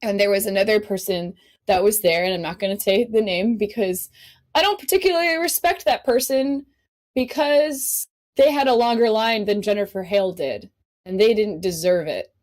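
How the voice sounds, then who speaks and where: A woman guest on a podcast telling stories in a casual, animated way, laughing often and swearing freely. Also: mid-range voice, normal speed. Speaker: podcast guest, cosplay model. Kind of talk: casual storytelling chat.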